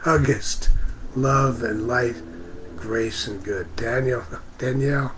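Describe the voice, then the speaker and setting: A man hosting a spiritual livestream outdoors, speaking gently and greeting viewers by name. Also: medium pitch, fairly even intonation, slight background noise, low-quality recording. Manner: slow, gentle, reads out viewer comments. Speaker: livestream host. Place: outdoors near a parking lot.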